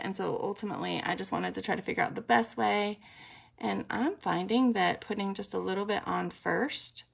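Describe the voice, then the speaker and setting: A woman's voice: medium pitch, creaky. A woman, rambling and chatty, talking through a live makeup tutorial with lots of ums. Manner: chatty, rambling, many ums, explains as she works.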